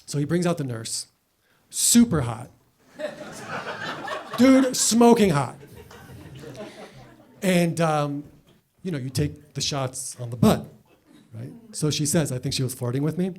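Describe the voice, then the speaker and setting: A young adult man telling stand-up comedy stories with sarcastic, animated delivery and sudden loud bursts. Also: fairly high pitch, slow, long pauses, a little hiss or hum.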